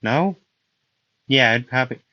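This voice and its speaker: A man narrates an improvised fan story at a slow, unhurried pace, rambling and correcting himself as he goes. His voice sits in an ordinary middle range. The recording is dry and somewhat dull, as from a close home mic. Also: mid-range voice, lively intonation, no room sound. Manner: rambling, self-correcting, many fillers.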